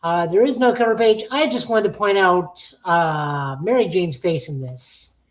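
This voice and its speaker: A woman's voice: fairly low pitch, unhurried, low-quality recording. Blunt, opinionated woman podcast co-host. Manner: opinionated, blunt, frequent fillers. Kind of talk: casual comic-book review chat.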